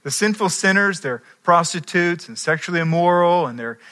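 A man preaching a sermon as pastor, earnest, moving between quiet asides and emphatic climaxes. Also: sits high, animated, moderate pace.

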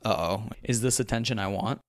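A man's voice: lowish voice, a little fast, dry recording, clean studio sound, natural voice. A man voicing a brash, crude adult male inmate with a New England accent. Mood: curious. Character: tall red-faced male inmate, brash.

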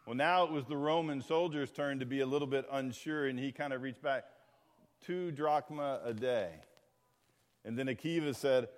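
A male pastor delivers a sermon in an easy, conversational way, often restarting phrases and adding asides. His voice sits at an ordinary middle pitch. A long reverb trails behind his words, as in a large church sanctuary.

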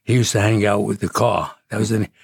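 A man's voice: on the low side, fairly even intonation, fast talker, vocal fry, slightly rough, dry recording, studio quality. A man in his eighties from City, telling rambling stories as a podcast guest. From Jersey City, New Jersey. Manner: rambling, with frequent restarts and chuckles. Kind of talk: casual storytelling.

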